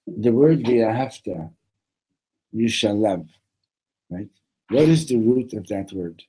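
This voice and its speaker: Man, yeshiva teacher, mellow warm tone, halting, repeats words, keeps asking "right?". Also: on the low side, expressive, slightly rough, low-quality recording. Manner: mixes Hebrew phrases into English. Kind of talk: Torah class.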